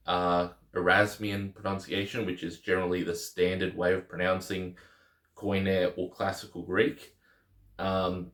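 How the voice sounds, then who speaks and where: A man's voice: deep voice, roomy sound. A man teaching the Greek alphabet in a casual lesson, patiently repeating each letter name.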